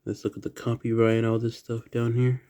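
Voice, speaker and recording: A man with a slight Southern accent, chatting quietly through a toy unboxing at home late at night, keeping his voice down. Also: mid-range voice, completely flat delivery, a little fast. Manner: soft, hushed indoor voice. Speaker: toy collector vlogger. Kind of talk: casual unboxing chat.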